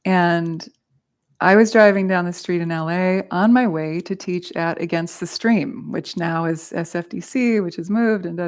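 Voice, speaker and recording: Woman dharma teacher, lowish voice, candid and quick to laugh, swears in her stories. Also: darkish tone. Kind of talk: dharma talk with personal stories.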